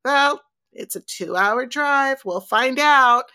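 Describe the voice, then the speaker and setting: A woman quoting a calm male tour guide in a matter-of-fact way, barely changing her own voice. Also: high-pitched, slow, no echo, pitched above the performer's own voice, heavily acted. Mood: deadpan.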